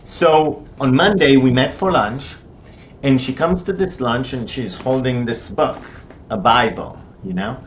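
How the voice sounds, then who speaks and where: A man's voice: expressive, measured pace. A middle-aged man from Israel with an Israeli accent and Hebrew as his first language, telling his personal story in a conversational way, with many restarts and fillers. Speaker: interview guest. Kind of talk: personal testimony. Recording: slightly dull with faint rumble.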